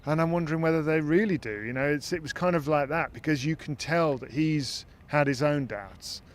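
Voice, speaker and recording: A man's voice: a little high, brisk. A man hosting a podcast, talking things through in a casual, thoughtful way and often restarting his sentences as he searches for words. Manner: thoughtful, repeats words while searching for phrasing. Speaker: podcast host. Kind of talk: casual discussion.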